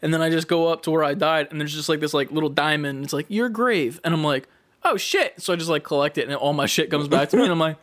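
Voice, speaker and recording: A young man with a slightly high voice tells a gaming mishap in casual chat. He jumps into voiced quotes and swears freely. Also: racing, hardly any pauses. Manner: animated storytelling, acts out quotes, swears a lot.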